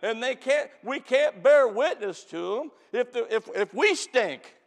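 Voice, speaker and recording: High-voiced preacher man in an echoing hall. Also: lively intonation. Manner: preaches with loud drawn-out emphasis, calls out to the church; drops into quiet fast storytelling. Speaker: pastor. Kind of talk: camp meeting sermon.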